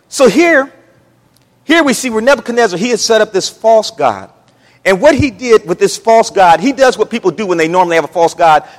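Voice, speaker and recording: A man from the United States preaching a sermon, emphatic, swinging between loud and hushed. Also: high-pitched. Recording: reverberant hall.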